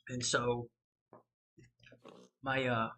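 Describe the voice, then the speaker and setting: A man's voice: mid-range voice, little pitch movement, extremely slow, sharp tone. A man hosting a gaming channel, chatting casually and rambling through a story over his gameplay, losing his thread and swearing freely.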